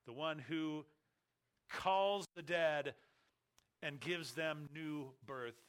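Guy preaching a sermon, bright voice, drags out the big words for emphasis. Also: fairly high pitch, smooth. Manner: emphatic, slows and stresses key words.

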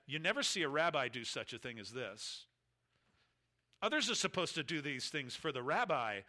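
A man delivers an expository sermon in a very bright, ringing voice that sits a little high. He is emphatic, swinging between loud climbs and hushed drops, and he voices the disciples' thoughts as he quotes scripture. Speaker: preacher.

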